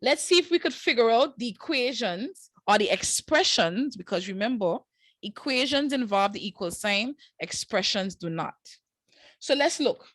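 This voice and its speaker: A woman's voice: a little high, lively intonation, moderate pace, a bit bright, no room sound. A woman teaching a live online math class, walking students through each step in a casual, encouraging way with slang asides.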